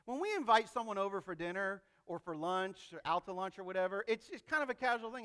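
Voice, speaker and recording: Bright, high-voiced male preacher. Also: quick pace, clear, resonant tone. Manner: animated, acts out quoted voices. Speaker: pastor. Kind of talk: sermon.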